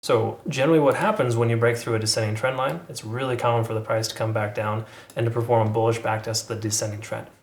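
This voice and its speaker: A man's voice: mid-range voice, fairly even intonation, fast, echoey room. A man hosting a channel, casually talking through price charts with lots of fillers and self-corrections. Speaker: crypto channel host. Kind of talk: casual chart analysis commentary.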